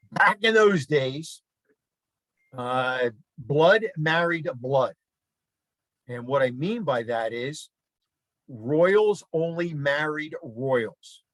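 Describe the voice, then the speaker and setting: A man's voice: medium pitch, fairly bright tone, no room sound, poor audio. A middle-aged man giving a casual history lesson over slides, folksy and conversational, with asides and fillers. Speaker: history teacher.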